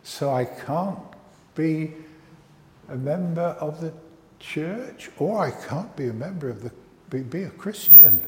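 A man's voice: fairly high pitch, animated, slow pace, darkish tone, reverberant, big-room sound, a little hiss or hum. A man voicing a fretful young male puppet parrot in a worried, plaintive way.

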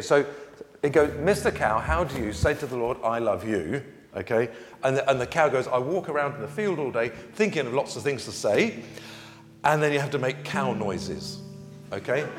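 A man giving a children's talk at church and leading an animal action song, with call and response. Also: fairly high pitch. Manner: leads a call-and-response animal song, gets louder and sings. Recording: echoey hall with guitar.

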